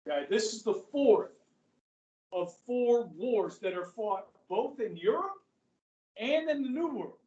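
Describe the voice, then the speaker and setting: High-voiced teacher lecturing in an echoey classroom. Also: male voice, expressive, slow pace, mellow, lo-fi sound. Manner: conversational, asks the class questions, frequent "okay". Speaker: high school history teacher. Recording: echoey room, voice from far off.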